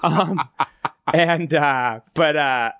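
A man's voice: a little high, very slow, fairly bright tone, slight background noise. A man, co-hosting a podcast, telling stories about himself with sarcastic, self-mocking jokes. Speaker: podcast co-host, comedian. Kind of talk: casual podcast banter.

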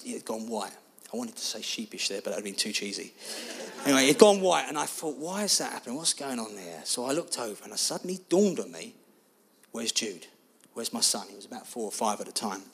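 A man preaching a sermon, telling a personal story in an animated, expressive way. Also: medium pitch.

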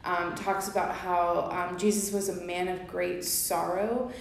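A woman's voice: on the low side, flat delivery, unhurried, gravelly, a little hiss or hum. A woman co-hosting a faith podcast, explaining scripture in an earnest, casual way with many fillers. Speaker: podcast co-host. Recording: very echoey room with faint ambience.

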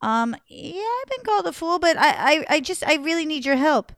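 A woman voicing a nervous young prince who stammers in a high, loud voice. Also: animated, fairly quick, no echo, studio quality.

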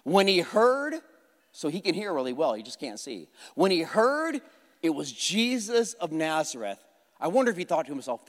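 A man preaching a sermon in a church, conversational and animated, repeating phrases for emphasis and joking at his own expense. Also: high-pitched, moderate pace. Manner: conversational with self-deprecating humor. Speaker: pastor. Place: church hall. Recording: long hall reverb.

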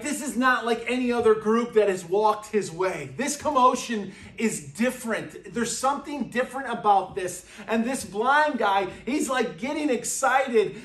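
A male pastor preaching a sermon, emphatic and repeating his phrases, at times dropping to a quiet, intense tone. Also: extremely high pitch. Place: church sanctuary. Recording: echoey church room.

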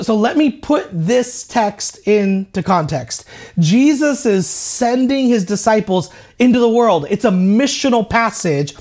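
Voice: medium pitch, darkish tone. A pastor preaching a conversational sermon, with frequent restarts and rhetorical questions.

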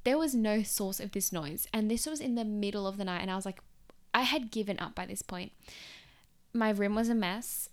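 A woman's voice: medium pitch, clear, resonant tone. Chatty young woman telling a story. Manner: chatty and expressive, heavy use of "like". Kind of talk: casual storytelling monologue.

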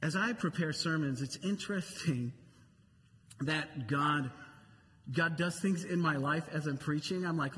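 A man's voice: on the high side, a little slow, a bit bright, long reverb tail, slight background noise. A male pastor preaching a sermon in a church auditorium, talking conversationally and repeating key phrases for emphasis.

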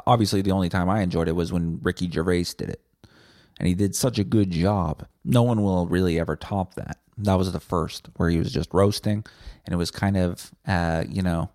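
A man's voice: low-pitched, creaky, darkish tone, no room sound, studio quality. A man hosting a solo podcast, ranting bluntly and sarcastically with plenty of swearing. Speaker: podcast host.

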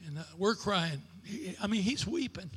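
An older man preaching a sermon as pastor, in a preacher's cadence that builds to shouted declarations. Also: sits high, very animated, moderate pace, slightly rough, big-room sound. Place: church sanctuary.

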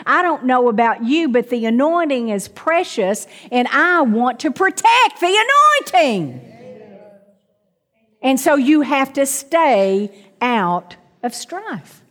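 Slow-preaching woman with long church reverb. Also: high-pitched, lively intonation. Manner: calls out to the congregation, asks for amens. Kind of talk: sermon.

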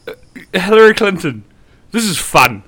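A man's voice: high-pitched, big pitch swings, normal speed, fairly bright tone. A young man with a New Zealand accent co-hosting a casual podcast, ranting with plenty of swearing. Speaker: podcast co-host.

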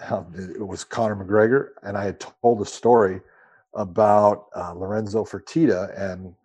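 A man co-hosting a podcast, telling a long story in a relaxed, rambling way with some swearing. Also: on the low side, moderate pace. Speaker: podcast co-host. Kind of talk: casual storytelling.

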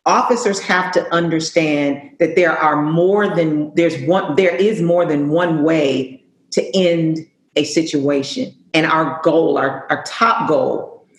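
A woman's voice: sits low, takes it slowly. Woman police chief on a panel, earnest and emphatic, roomy echo. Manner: earnest, emphatic, repeats words while thinking. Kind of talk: panel discussion answer.

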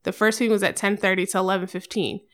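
A woman's voice: medium pitch, little pitch movement, quick pace. A young adult woman, a podcast guest, chatting casually and telling stories animatedly, acting out what people said. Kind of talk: casual chat.

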